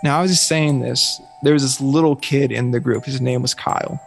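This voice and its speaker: Gravelly man telling a story. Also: mid-range voice, a little fast, faint music behind. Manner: lively storyteller, acting out quotes. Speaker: guest. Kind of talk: storytelling in a podcast interview.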